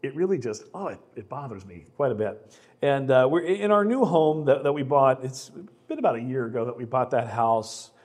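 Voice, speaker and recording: A man's voice: medium pitch, animated, normal speed, a little mellow. A middle-aged man preaching a conversational sermon, often repeating words as he starts a sentence. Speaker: pastor.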